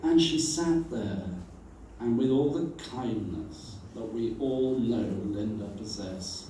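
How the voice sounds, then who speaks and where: A man's voice: mid-range voice, slow, recorded from a distance, a little hiss or hum. Man telling a story in a very echoey room. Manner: animated, acts out the quoted voices. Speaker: friend giving a tribute. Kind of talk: storytelling tribute speech.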